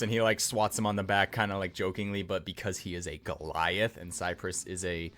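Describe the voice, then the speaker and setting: A man narrating as game master of a tabletop game, relaxed and chatty with frequent laughs. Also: low-pitched, fairly quick, hardly any pauses.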